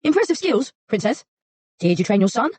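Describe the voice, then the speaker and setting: A woman voicing a brash, reckless young man who is boastful, eager and loud, in an audiobook. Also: very high voice, very animated, brisk, husky, dry recording, voice pushed up, exaggerated voice. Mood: gleeful.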